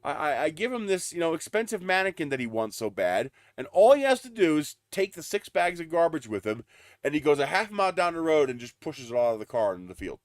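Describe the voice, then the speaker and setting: A man's voice: a little high, big pitch swings, fast talker, no echo, clean studio sound. A man hosting a live stream, telling a story in a casual, indignant way. He swears freely, laughs between lines and stumbles over repeated starts. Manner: lots of fillers and repeated starts. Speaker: livestream host.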